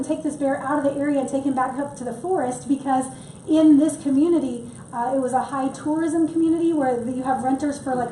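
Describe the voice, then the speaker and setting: A woman's voice: high-pitched, warm tone, a little hiss or hum. A middle-aged woman giving a chatty public workshop talk on wildlife, with joking asides. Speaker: wildlife presenter. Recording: echoey room, mic from far off.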